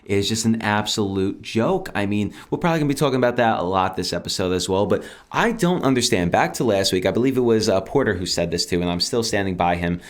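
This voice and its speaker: A man co-hosting a casual sports podcast, ranting in an animated, exasperated way with big jumps in pitch. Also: quick pace, few pauses. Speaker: podcast co-host.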